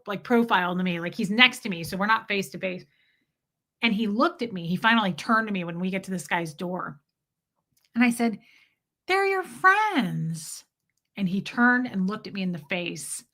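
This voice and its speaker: A woman tells a story from her own life to her viewers. Her voice is bright and crisp. She talks casually and with animation, swears freely, and slips into the voices of the people she quotes. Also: medium pitch. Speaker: streamer telling a personal story. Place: home basement studio.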